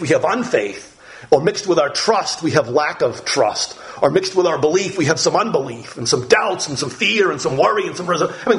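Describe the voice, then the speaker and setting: Earnest preaching man, voice leaping high. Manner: earnest, repeats phrases, pitch leaps when voicing doubters. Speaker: pastor. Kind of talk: sermon.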